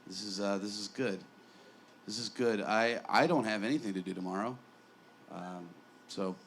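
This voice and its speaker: A man's voice: on the low side, moderate pace, fairly bright tone. Guy in his 20s doing standup at a bar, rambly, self-mocking, trips over his words, bit of faint noise behind. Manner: rambling, self-deprecating, with stammered restarts. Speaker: stand-up comedian. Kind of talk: stand-up comedy set. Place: small bar.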